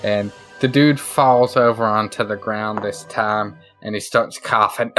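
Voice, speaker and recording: Bright-voiced, casual male game master. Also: lowish voice, steady tone, unhurried, hardly any pauses, faint music behind. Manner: casual, loose, full of fillers. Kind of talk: narrating a tabletop game.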